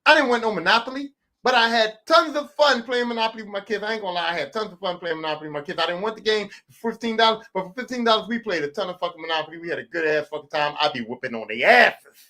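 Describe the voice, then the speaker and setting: A man in his forties hosting a podcast, telling a profane, animated comic rant that swings from loud bursts to low mutters. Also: rapid-fire. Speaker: podcast host. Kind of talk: casual comedic rant.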